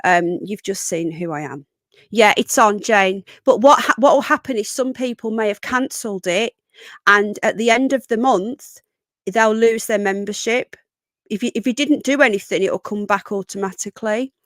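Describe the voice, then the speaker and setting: A woman's voice: medium pitch, moderate pace, fairly bright tone, no echo, clean studio sound. A woman hosting a live stream, chatting and rambling as she greets viewers and often breaks off mid-sentence. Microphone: close desk microphone.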